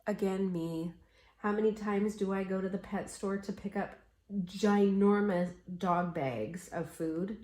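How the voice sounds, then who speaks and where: A woman's voice: medium pitch, a little slow, a little mellow, echoey room. A middle-aged woman chatting casually while she stitches, telling stories and acting out the voices of people in them. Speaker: cross-stitch vlogger.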